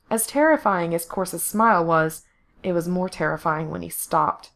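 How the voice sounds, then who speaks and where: A woman reads fiction aloud as narrator, in a steady, even storytelling voice. Her pitch sits somewhat low for a woman. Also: moderate pace. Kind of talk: fan fiction reading.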